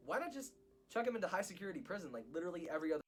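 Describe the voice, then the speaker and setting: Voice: mid-range voice, big pitch swings, very fast, faint music behind. A co-narrator of a played video essay, delivering scripted lines in a dry, sarcastic way.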